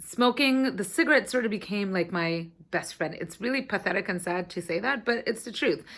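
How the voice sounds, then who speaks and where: A woman in her thirties telling a personal story to her camera in a chatty, animated way, sometimes swearing. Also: medium pitch, a little fast. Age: 30s. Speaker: vlogger.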